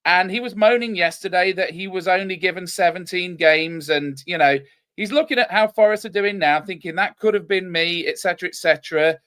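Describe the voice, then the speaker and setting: A man co-hosting a football fan show, talking in a rambling, animated way with many restarts. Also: high-pitched, brisk. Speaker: fan channel co-host. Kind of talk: casual football fan chat.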